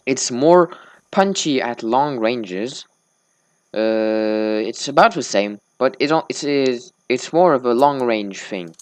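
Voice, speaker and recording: A drowsy man chats his way through a gameplay session, his words a little slurred as he drifts into small talk. His voice sits at an ordinary middle pitch, and the sound is close and dry. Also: animated, takes it slowly, no room sound. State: sleepy. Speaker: gaming let's-play host. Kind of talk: casual gameplay commentary.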